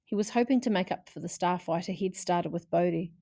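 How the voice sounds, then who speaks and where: A woman reading a children's chapter book aloud in a lively way, putting on voices for the characters. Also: on the low side, fairly quick, no room sound, studio quality. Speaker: audiobook reader.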